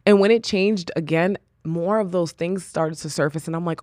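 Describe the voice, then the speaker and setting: A woman's voice: on the low side, normal speed, few pauses, darkish tone, no echo, clean studio sound. A woman hosting her own podcast, giving an earnest, personal, faith-based encouragement talk drawn from her own experience. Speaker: podcast host.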